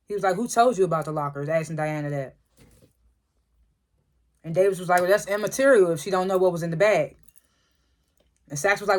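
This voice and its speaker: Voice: medium pitch, moderate pace. Casual chatty TV recap reviewer. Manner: loose storytelling, lots of "like" and "was like" retellings; frequent throat clearing and chuckles. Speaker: TV episode reviewer.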